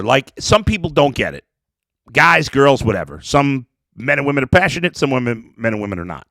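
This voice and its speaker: A man's voice: mid-range voice, sing-song, brisk, creaky, bright, forceful tone, dry recording. A man hosting a sports podcast, talking through an emotional, rambling opinion monologue with lots of restarts.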